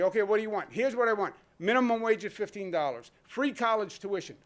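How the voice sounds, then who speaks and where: A man's voice: high voice, animated, brisk, few pauses. A man giving an emphatic, rhetorical speech at a press briefing as a state governor. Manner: emphatic, rhetorical, quotes imagined voices.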